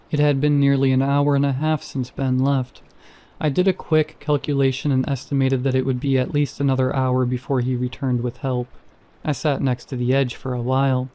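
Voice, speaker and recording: A man reads a first-person horror story in a measured, steady voice of middle pitch. His tone is mellow and dark rather than bright, which suits the slow build of suspense.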